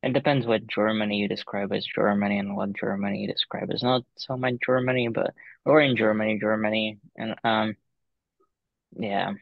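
Gravelly man on a dull lo-fi mic. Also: lowish voice, flat delivery, moderate pace, no room sound. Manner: rambling, joking. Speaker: podcast co-host. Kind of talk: casual chat.

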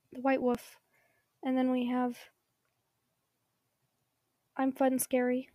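High, gravelly woman losing her voice. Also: dark tone, no room sound. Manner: enthusiastic, rambling, many ums. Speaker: tabletop gaming channel host. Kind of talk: casual product shout-outs.

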